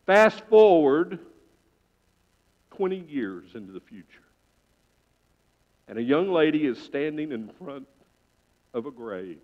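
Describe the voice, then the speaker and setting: A man preaching a sermon in church, telling a story with sudden loud swells and quiet hushed drops. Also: fairly high pitch, lively intonation, measured pace, pauses often. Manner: dramatic storytelling, swelling loud then dropping to a hush. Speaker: pastor. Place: church sanctuary. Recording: dull reverberant church sound.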